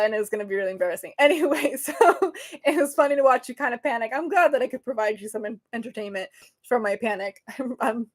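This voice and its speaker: A woman hosting a casual livestream from her phone, chatty and flustered, laughing often. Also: a little high. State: sweating and flustered. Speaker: livestream host.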